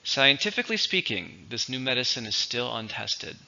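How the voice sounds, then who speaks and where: A man teaching English vocabulary in a slow, deliberate lesson, spelling out syllables and stress. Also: mid-range voice, very animated, creaky, pushed and bright, lo-fi sound. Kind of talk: recorded vocabulary lesson and dictation.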